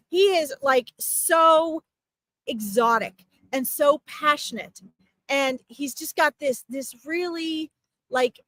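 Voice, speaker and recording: A woman's voice: sits high, a bit bright, dry recording, rough recording. A woman working as a psychic medium in a live-streamed reading, talking in a chatty, reassuring way and often checking in with her listener. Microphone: streaming mic.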